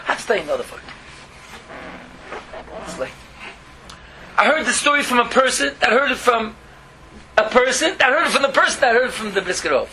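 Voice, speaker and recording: Bright, rapid-fire man, animated religious storyteller. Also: very high voice, slight background noise. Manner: animated, repeating phrases, mixing languages. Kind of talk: storytelling Torah talk.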